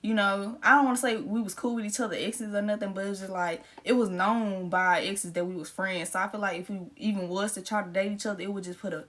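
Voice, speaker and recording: A woman's voice: medium pitch, fairly even intonation, quick pace, hardly any pauses, a bit bright. Chatty young woman telling a story. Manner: chatty, slangy, addresses viewers directly. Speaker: vlogger. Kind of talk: casual storytime chat. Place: bedroom.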